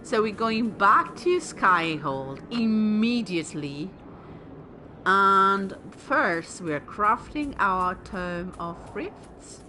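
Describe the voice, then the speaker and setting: Brief: bright, animated woman streamer, unhurried, tired, faint hiss behind. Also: medium pitch. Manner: chatty, excitable, swears and laughs. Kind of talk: casual let's-play commentary.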